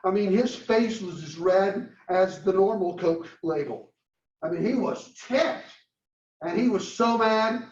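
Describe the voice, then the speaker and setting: Animated high-voiced male lecturer, distant. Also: a little slow. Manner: animated storyteller acting out dialogue. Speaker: marketing lecturer. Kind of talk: classroom lecture with storytelling. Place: lecture room. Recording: roomy, distant, dull classroom recording.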